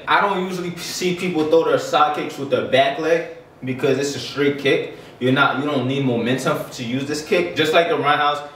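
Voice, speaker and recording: A karate instructor with a medium-pitched, fairly bright voice gives a casual lesson on basic kicks, talking loosely and panting while he demonstrates. The sound is echoey, captured from a distance with slight background noise.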